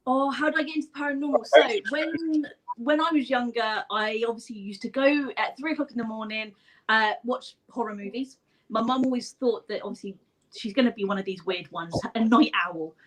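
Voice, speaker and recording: A woman's voice: on the high side, brisk, low-quality recording. A young woman, chatting as a guest about paranormal investigating. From southern England. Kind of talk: casual chat over video call.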